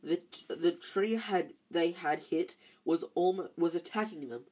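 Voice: mid-range voice, a little slow, a little mellow, slightly rough. An amateur reader, tired, reading a novel aloud with frequent slips and restarts. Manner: stumbles and restarts often, tired.

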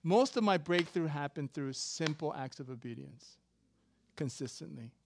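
Animated man in his fifties preaching. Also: a little high, normal speed, vocal fry, noisy background. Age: 50s. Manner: animated, jokey, swings between loud emphasis and quiet asides. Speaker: pastor. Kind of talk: sermon.

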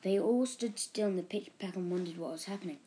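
A woman reading a children's book aloud in a steady, expressive storytelling manner. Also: medium pitch, quick pace. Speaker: reader.

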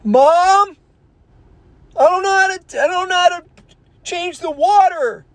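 A man's voice: slow pace, no room sound, exaggerated voice. Man putting on a whiny tattling little kid. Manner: squeaky whining taunts.

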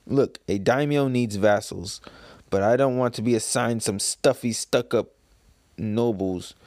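A man's voice: medium pitch, unhurried, darkish tone, no room sound, studio quality, lightly acted. A man reading aloud and voicing a brash, boastful young male warlord in a brusque, commanding tone.

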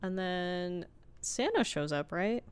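A woman's voice: on the low side, expressive, slow pace, clear, resonant tone. A woman co-hosting a podcast, chatting casually and recapping a movie, laughing often as she acts out quotes. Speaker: podcast co-host.

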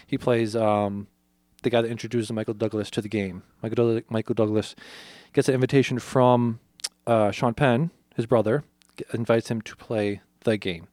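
A man's voice: mid-range voice, normal speed, dry recording, studio quality. A man co-hosting a podcast, casually retelling a film's plot in detail and acting out the characters' lines with plenty of swearing. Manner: animated storyteller, acts out quotes, swears freely. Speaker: podcast co-host.

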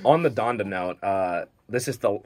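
A man's voice: fairly low pitch, expressive, moderate pace, no echo. A young man hosting a college radio show, telling rambling stories full of fillers in a casual chat from a studio mic. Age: young adult. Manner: rambling, filler-heavy storytelling.

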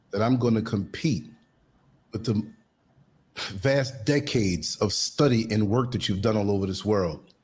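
Podcast host, man, husky voice, deferential and measured. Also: on the low side, a little mellow. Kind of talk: interview questions.

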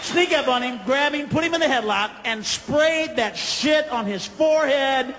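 Profane high-voiced stand-up comic. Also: male voice, normal speed, hardly any pauses. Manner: profane, ranting, shouts into high-pitched impressions. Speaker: stand-up comedian. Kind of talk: stand-up comedy routine. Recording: live hall with audience, faint crowd noise.

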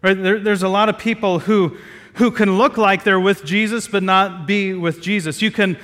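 A man's voice: high-pitched, steady tone, moderate pace, fairly bright tone, in a large hall. A man from Southeast Ohio preaching a sermon in a conversational way, with many fillers and restarts, gathered outdoors in a square.

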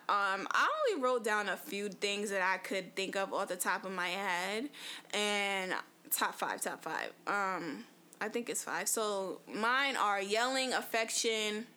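A woman's voice: medium pitch, pushed and bright. A woman talking frankly to camera in a casual personal monologue, chatty and full of fillers. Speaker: vlogger.

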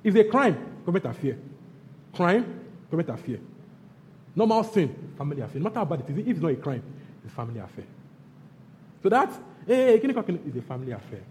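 A man with a Nigerian accent preaching a sermon as pastor, repeating his phrases and swinging between loud bursts and hushed lines. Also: on the high side, very animated, fast, long pauses, slight background noise. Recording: long hall reverb, faint background ambience.

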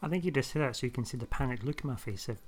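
A man's voice: mid-range voice, expressive, very fast. A man co-hosting a casual podcast, answering with short, dry, playful quips. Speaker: podcast co-host.

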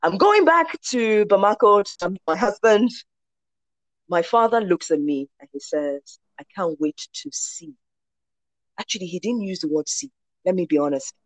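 Animated woman in her forties. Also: mid-range voice, moderate pace, no echo. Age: 40s. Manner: animated storyteller, acts out quoted voices. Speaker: guest sharing a testimony. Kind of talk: personal faith testimony.

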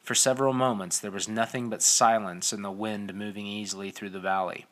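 A male audiobook narrator telling the story in a steady, measured way. His voice sits on the low side but rings bright and forceful. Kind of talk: scripted narration.

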